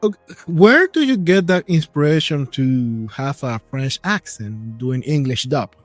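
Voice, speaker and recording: A man's voice: mid-range voice, expressive, unhurried, no echo, soft background music. Joking male interview host. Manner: conversational, joking, laughs at his own stories. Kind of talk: casual interview chat.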